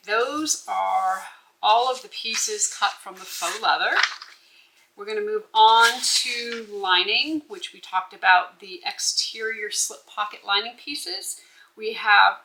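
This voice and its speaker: A woman's voice: mid-range voice, takes it slowly, vocal fry, bright, forceful tone, slight background noise, rough recording. A woman walking through a bag-making pattern step by step, instructive and checking in with the viewer as she goes. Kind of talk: step-by-step sewing tutorial.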